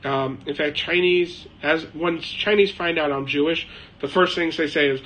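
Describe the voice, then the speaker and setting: Male live-stream host, slightly high pitch, loose chatty delivery, answers questions from his shed. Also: normal speed, fairly bright tone, poor audio. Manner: rambling, chatty, laughs often, mimics people. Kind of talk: casual live chat.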